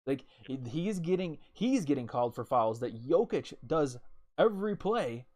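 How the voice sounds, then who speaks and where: A man's voice: fairly high pitch, very animated, normal speed, a little mellow. A man co-hosting a casual sports talk show, hesitant and opinionated, with many fillers. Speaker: podcast co-host.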